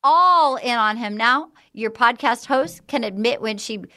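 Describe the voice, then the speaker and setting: A woman hosting a podcast in casual chat, animatedly retelling scenes and acting out quick quotes. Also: on the high side, animated, pushed and bright. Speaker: podcast host.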